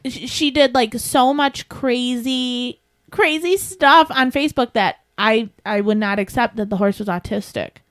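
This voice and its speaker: A woman co-hosting a podcast, animated and laughing often as she tells a story, speaking close to the mic. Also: fairly high pitch, unhurried, dry recording. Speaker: podcast co-host and horse trainer. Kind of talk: casual storytelling chat.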